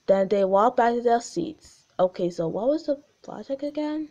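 A woman's voice: a little high, lively intonation, normal speed, hardly any pauses, dark tone, highs cut off. A young woman reading aloud a story she wrote as a child, stumbling over words and adding her own comments. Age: young adult.

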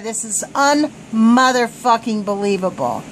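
A woman with a high voice reads a report aloud in an indignant rant. She swears freely and trips over the technical words. A faint hiss sits under the recording. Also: expressive, a little slow, hardly any pauses, fairly bright tone, poor audio. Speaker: vlogger reading a report aloud. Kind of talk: agitated screen-reading rant.

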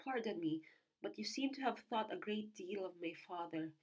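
A woman's voice: medium pitch, animated, normal speed, natural voice. A woman reading the lines of a young man just returned from abroad, questioning urgently and with rising alarm. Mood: earnest.

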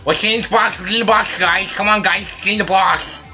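A man playing a video game and commenting, ranting loudly at his teammates in a put-on silly voice. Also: high voice, steady tone, normal speed. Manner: loud, frustrated ranting at teammates. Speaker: let's play gamer. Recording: faint game music behind. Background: game music.

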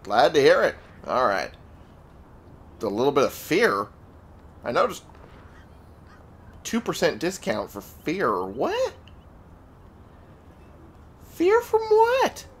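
Chatty man narrating a game, animated. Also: slow, long pauses, breathy edge. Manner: chatty, jokey, animated pitch jumps. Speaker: gaming video host. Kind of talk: casual let's-play commentary.

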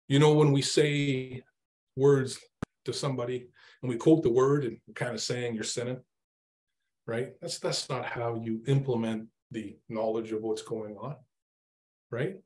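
A man's voice: medium pitch, darkish tone. A middle-aged man preaching an informal sermon, conversational, asking his listeners questions and acting out his own exasperated prayers.

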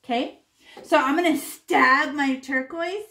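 A woman's voice: sits high, unhurried, bright, forceful tone. A woman art teacher leading a live painting class over a video call, chatty and chanting repeated words as she paints.

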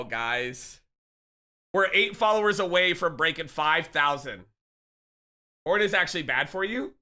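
Hyped bright-voiced young male streamer. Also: on the high side. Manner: hyped, laughing, reads chat aloud. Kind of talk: casual live-stream chat with viewers.

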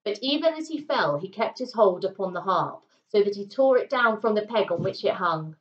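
Woman teacher reading a story aloud. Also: mid-range voice. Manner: expressive read-aloud with dramatic pauses. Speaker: primary school teacher. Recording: roomy, slightly muffled home recording.

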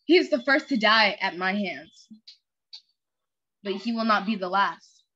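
A woman reading a menacing male hacker villain aloud in a story game, slow and deliberate. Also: mid-range voice, animated, bright, forceful tone, breathy edge, full character voice. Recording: lo-fi muffled recording.

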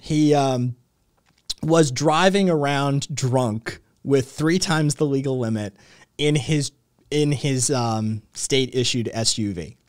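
A man's voice: mid-range voice, takes it slowly, dry recording, studio quality. A man hosting a podcast, chatting casually and sarcastically, swearing often and rambling with lots of fillers. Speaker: podcast host. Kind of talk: casual commentary chat.

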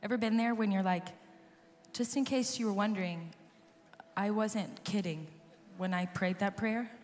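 Hoarse woman testifying in a big hall. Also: mid-range voice, normal speed, slight background noise. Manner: earnest, storytelling, talks to the crowd. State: hoarse, losing her voice. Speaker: worship leader giving a testimony. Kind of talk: personal testimony to a live audience. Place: large conference hall. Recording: live hall reverb with soft music.

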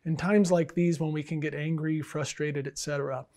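A man, an English professor and department chair, telling bad jokes to students in a dry, deadpan way with lots of fillers. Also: on the high side, moderate pace. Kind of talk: casual joke-telling address to students.

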